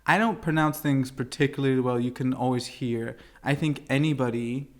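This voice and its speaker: A man's voice: medium pitch, moderate pace. A man co-hosting a podcast, telling a story in casual chat and acting out the people he quotes. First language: English. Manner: animated storytelling, acts out quoted voices. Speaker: podcast co-host. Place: indoor podcast recording.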